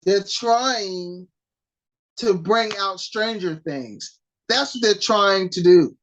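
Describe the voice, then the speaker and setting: A woman co-hosting a casual podcast chat, teasing her co-host and pausing often as she searches for words. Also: medium pitch, slight background noise, poor audio. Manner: playful teasing, drawn-out pauses.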